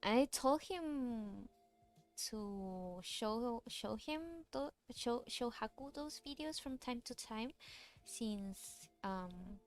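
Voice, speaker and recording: Soft music plays behind a VTuber artist who chats loosely while drawing. She speaks with a fairly high, expressive voice, stretching out her words, and keeps rambling with fillers and restarts.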